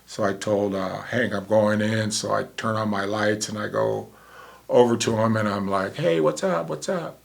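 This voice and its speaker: A man's voice: fairly low pitch, flat delivery, normal speed, vocal fry. A man in his sixties, a former paramedic, telling a vivid story in a casual way and acting out the dialogue.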